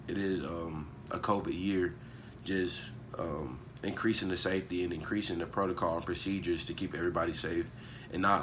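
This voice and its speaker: A man answering an interview question slowly and hesitantly, with many pauses. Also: deep voice, background noise. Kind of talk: slow thoughtful interview answer.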